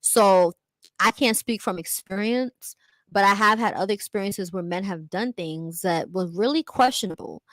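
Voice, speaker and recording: A woman's voice: medium pitch, normal speed, fairly bright tone, no echo. Emphatic young woman, dry close sound. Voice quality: frequent "like" and "you know" fillers. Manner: candid, emphatic, acts out quotes in other voices. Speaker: vlogger. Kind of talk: livestream monologue.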